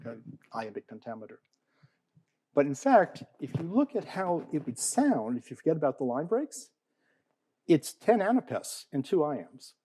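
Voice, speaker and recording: This poetry panelist lectures with big, animated swings in pitch, his tone warm and mellow, at normal speed. The audio is close and dry with no echo, though rough in quality. He keeps asking "okay?" and "all right?" and poses questions to the room.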